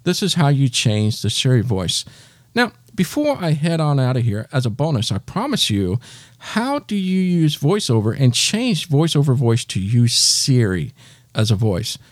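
A man's voice: medium pitch, very animated, moderate pace, dry recording, clean studio sound. A man hosting a step-by-step tutorial, patiently talking the listener through each gesture. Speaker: tech tutorial host.

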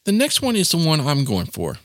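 Chatty man with a lively voice. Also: fairly high pitch, brisk, a little hiss or hum. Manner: chatty and informal, with "yep" and "nonetheless" asides. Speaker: tech tutorial presenter. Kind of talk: casual spoken tutorial.

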